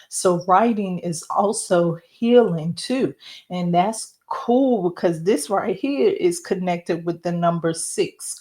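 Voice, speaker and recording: A woman giving an oracle card and numerology reading, talking slowly and reflectively straight to the viewer. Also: mid-range voice, darkish tone. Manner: slow, reflective, speaks to viewer directly.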